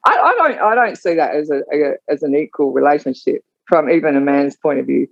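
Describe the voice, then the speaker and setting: A woman's voice: sits low, lively intonation, a little fast, gravelly, no room sound. A woman talking in a casual chat, stumbling over false starts while she argues her side. Her voice sounds dry and close with no room around it, and it comes through a little dull and muffled. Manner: hesitant, restarts, challenges the other speakers.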